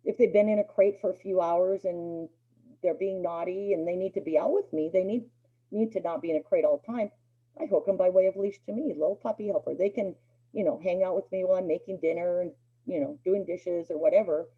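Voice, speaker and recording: A woman's voice: on the low side, fairly quick, husky. A middle-aged woman teaching a dog obedience class in a chatty lecture, acting out the dogs' thoughts in playful voices. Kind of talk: casual spoken lecture to a class. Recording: dull lo-fi recording.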